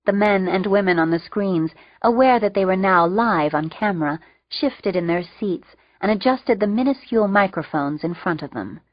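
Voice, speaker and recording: Woman audiobook narrator, lowish voice, steady and wry, dull dry lo-fi sound. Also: no room sound.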